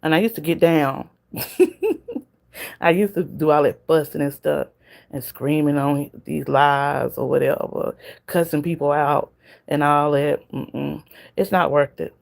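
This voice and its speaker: Gravelly Southern woman venting on a livestream. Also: low-pitched, steady tone, unhurried. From Southern United States. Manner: chatty, talks straight to viewers in the chat, laughs often. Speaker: livestream host. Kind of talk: casual venting livestream chat.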